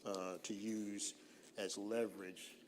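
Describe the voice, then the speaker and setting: A man presenting a financial workshop in an informal seminar style, relaxed and full of fillers, slowing down on purpose to stress key points. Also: on the low side, background noise. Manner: relaxed, lots of "uh" fillers, slows down deliberately for emphasis. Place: church hall.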